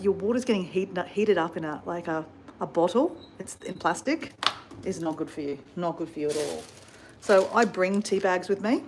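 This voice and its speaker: An Australian travel vlogger chats casually to camera from a hotel room, rambling and calling her viewers "guys." Her voice is lowish, with slight background noise.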